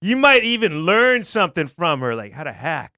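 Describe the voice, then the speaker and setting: A man's voice: on the high side, big pitch swings, normal speed, sharp tone, dry recording, studio quality. A man co-hosting a casual comedy show, reading a listener's message aloud and riffing on it with frequent laughs. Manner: jokey, reads aloud and riffs, laughs often. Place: studio.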